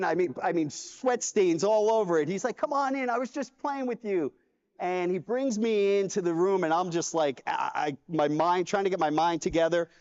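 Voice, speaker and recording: Animated man telling a story on stage. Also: sits high. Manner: animated storyteller acting out dialogue. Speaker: conference keynote speaker. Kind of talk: storytelling keynote talk. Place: large convention hall. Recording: dull hall reverb from a conference stage.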